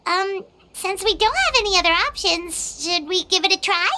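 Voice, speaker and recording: Game companion sprite, tiny and excitable, squeaky high with bouncy swings. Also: female voice, heavily acted. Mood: chatty. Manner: quick, chirpy, expressive. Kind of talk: video game voice acting. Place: recording studio.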